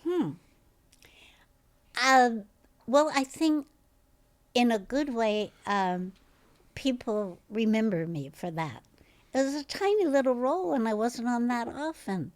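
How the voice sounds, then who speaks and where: Older woman with a distinctive, lively voice. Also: fairly high pitch, slow pace, long pauses, no echo. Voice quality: distinctive, instantly recognizable voice. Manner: lively, laughs often while telling stories. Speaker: actress and podcast guest. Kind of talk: casual interview storytelling.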